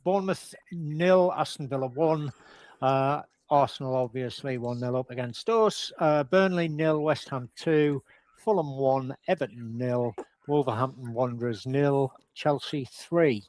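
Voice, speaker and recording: A man's voice: medium pitch, unhurried, darkish tone, no room sound, poor audio. A man on a casual football chat, reading the scores down a list. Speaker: football panelist.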